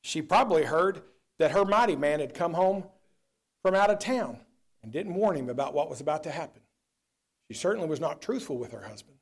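A man preaching a sermon, swinging between loud declarations and low, quiet asides. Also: lively intonation, a little fast, husky.

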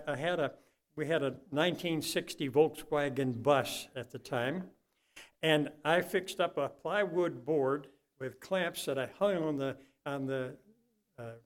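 An older male preacher with a fairly high voice delivers a sermon to a congregation. He talks like a folksy storyteller, dropping into soft asides and then climbing to loud, fervent peaks.

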